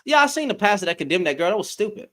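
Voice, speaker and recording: An exasperated man rants through a live stream, his voice a little higher than most and swinging widely in pitch. He hammers the same phrases again and again and swears as he talks. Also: sing-song, racing, a bit bright. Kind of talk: heated commentary.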